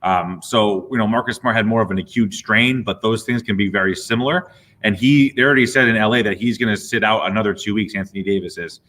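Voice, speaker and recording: A middle-aged man, a physical therapist, casually explaining athletes' injuries with relaxed, playful asides. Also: on the low side, fast talker. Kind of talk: casual sports injury chat.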